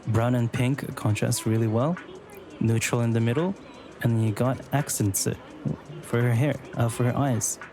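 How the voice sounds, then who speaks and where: A man's voice: mid-range voice, fairly even intonation, moderate pace, music in the background. A young man casually commentating a game on a live stream, chatty and joking, gushing about character designs.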